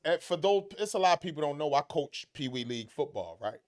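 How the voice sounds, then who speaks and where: Animated man telling street stories. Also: a little high, fairly quick. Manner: animated storyteller, heavy slang and profanity. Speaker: podcast co-host. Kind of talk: casual chat.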